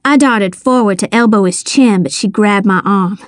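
A woman narrating a story in the first person, measured and dramatic. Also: mid-range voice, no echo, studio quality. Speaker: audiobook narrator.

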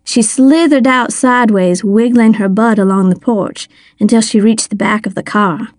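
A woman's voice: fairly high pitch, moderate pace, a little mellow, dry recording, clean studio sound. A woman narrating a first-person audiobook in a folksy, wry storytelling manner.

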